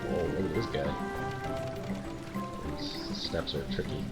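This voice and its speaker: A man's voice: a bass voice, takes it slowly, over loud music. Chatty man commenting on a game. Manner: wry, chatty. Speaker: let's play host. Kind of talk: gameplay commentary.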